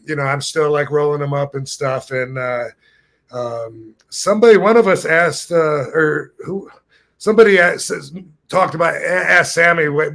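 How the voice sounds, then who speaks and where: Rambling fifties man telling stories. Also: fairly high pitch. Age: 50s. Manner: rambling, animated anecdotes with put-on voices. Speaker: podcast host. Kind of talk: casual storytelling.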